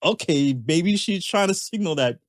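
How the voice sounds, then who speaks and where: A man's voice: sits high, expressive, normal speed, dry recording, studio quality. A man co-hosting a podcast in casual chat, talking in hesitant restarts and laughing often. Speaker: podcast co-host.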